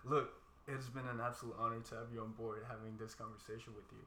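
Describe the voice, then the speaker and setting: A relaxed podcast host speaking at a mid pitch and keeping things brief and agreeable. The voice sits in an echoey room, with faint ambience underneath. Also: quick pace, a little hiss or hum. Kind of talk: casual interview chat.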